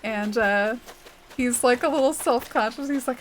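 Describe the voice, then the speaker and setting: Playing a game on stream, a young woman with a fairly high voice chats casually at a moderate pace, reading chat aloud. She rambles and leans heavily on "like" and "uh." The recording is rough, with a little hiss or hum.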